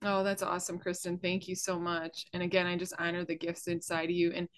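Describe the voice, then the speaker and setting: A woman's voice: on the low side, completely flat delivery, a little fast. A woman hosting a faith podcast, affirming her guest and leading a spoken prayer in an effusive, heartfelt way. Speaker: podcast host. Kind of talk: casual interview chat and spoken prayer.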